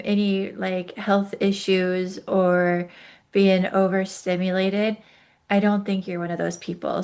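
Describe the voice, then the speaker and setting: A woman in her forties talks through a wellness podcast at a slow, unhurried pace. Her voice sits at an ordinary middle pitch, and she chats casually with plenty of ums and restarts. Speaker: podcast host.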